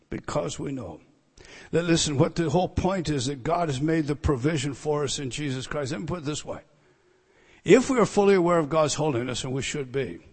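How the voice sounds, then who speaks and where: Man, older, preacher, sermon, emphatic repetition, hushed to loud, slightly high voice, long hall reverb. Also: husky. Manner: emphatic, swings from hushed to loud, repeats phrases.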